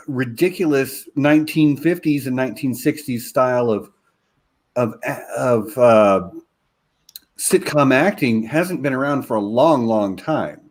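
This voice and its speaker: A man in a casual fan discussion who makes his points in a measured, analytical way. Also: medium pitch. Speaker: podcast panelist.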